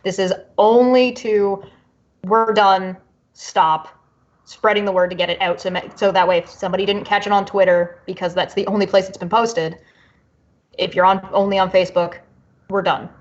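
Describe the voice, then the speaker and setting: A woman's voice: medium pitch, steady tone, moderate pace, lo-fi sound. A woman co-hosting a casual chat show who laughs often and talks emphatically, also reading a letter aloud. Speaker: co-host.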